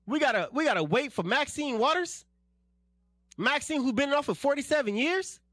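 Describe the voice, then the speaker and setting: A man's voice: sits high, a bit bright, no echo, studio quality. A man from South Central Los Angeles giving a blunt, slangy, fired-up radio monologue as host and political candidate.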